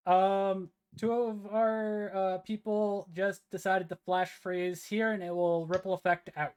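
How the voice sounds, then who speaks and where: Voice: mid-range voice, level tone, unhurried, a little mellow, clean tone. Hesitant, playful tabletop player. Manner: hesitant, playful, laughs a lot. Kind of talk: casual tabletop play.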